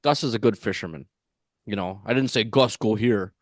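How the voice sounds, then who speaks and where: A man telling a rambling fishing-tournament story on a podcast, with lots of fillers and restarts, getting animated when he acts out what others said. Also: fairly low pitch, moderate pace, dry recording, clean studio sound. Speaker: tournament angler guest.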